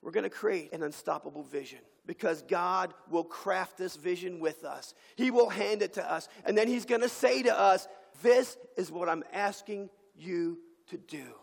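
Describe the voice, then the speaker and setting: A pastor with a gravelly, high voice preaches a sermon in a church sanctuary, impassioned and full of dramatic pauses. The recording has a long hall reverb.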